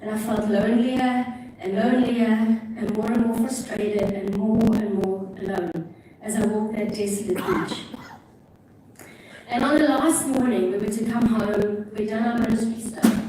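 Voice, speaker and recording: Irish lady preaching, higher voice, chatty storyteller, sounds far off in a big echoey church. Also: unhurried. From Ireland. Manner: chatty, animated storytelling with self-mocking asides. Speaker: guest preacher. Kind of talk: sermon. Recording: echoey church from a distance, faint noise.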